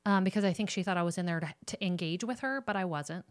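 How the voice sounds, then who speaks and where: Low-voiced woman counselor. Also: fast, dry recording. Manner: warm, direct, talks straight to moms. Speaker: ministry counselor and host. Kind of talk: casual faith-based parenting talk.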